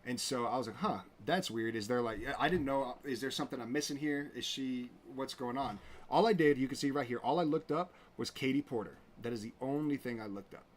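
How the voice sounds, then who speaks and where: A man's voice: mid-range voice, a little fast, hardly any pauses, a little hiss or hum. A man hosting a show, talking casually and with indignation, full of fillers and restarts. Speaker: host. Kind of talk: casual commentary reading out messages.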